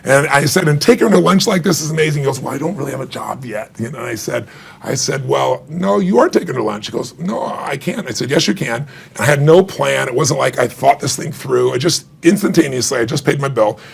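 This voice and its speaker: Gravelly, husky middle-aged man telling a story. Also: medium pitch, brisk. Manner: animated, acts out quoted dialogue, laughs often. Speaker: author and guest. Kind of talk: emotional storytelling in conversation.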